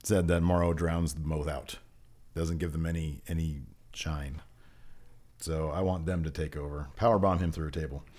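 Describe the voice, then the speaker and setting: A man's voice: a bass voice, fairly even intonation, normal speed, darkish tone. A man co-hosting a casual wrestling review podcast, loose and jokey, rambling with asides. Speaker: podcast co-host. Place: home podcast set.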